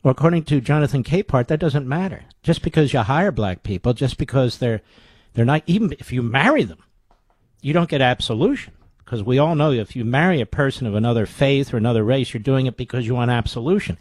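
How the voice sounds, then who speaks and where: A man's voice: medium pitch, expressive, fairly quick, darkish tone, dry recording, clean studio sound. A man hosting a talk radio show, ranting sarcastically through rhetorical questions in an indignant monologue.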